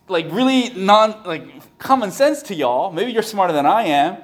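Animated man preaching a sermon. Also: sits high, measured pace. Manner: animated, conversational, repeats phrases for emphasis. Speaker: pastor.

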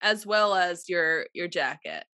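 A woman co-hosting a podcast, chatting casually and telling an animated story with acted-out quotes. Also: lowish voice, unhurried, dry recording, studio quality. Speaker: podcast co-host. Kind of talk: casual chat.

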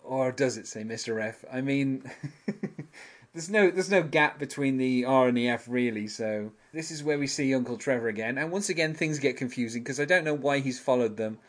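A man's voice: mid-range voice, moderate pace. Rambling, chuckling male podcast host. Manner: rambling, chuckles often, many fillers. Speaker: podcast host recapping a TV episode. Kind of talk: casual chat.

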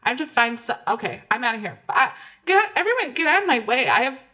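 An oblivious home cook who forages her own mushrooms, played by a woman. She rattles on and gets flustered, in a fairly high, bright voice. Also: quick pace, husky.

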